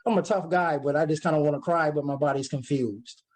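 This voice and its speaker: A man in casual chat speaking in a halting, emotional way and repeating his words. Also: on the high side, a little mellow.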